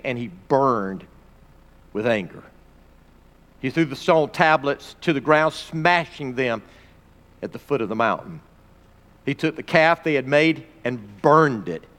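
A man teaching a Bible lesson, reading scripture dramatically with pauses and stopping to point out phrases. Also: fairly high pitch, fairly bright tone. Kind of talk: expository sermon reading scripture. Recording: long reverb of a large hall.

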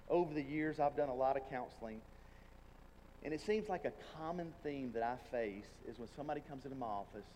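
A man's voice: mid-range voice, mellow. A man preaching a sermon as pastor, earnest and conversational, acting out the prayers of tired people. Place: church sanctuary. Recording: long hall reverb, faint room noise.

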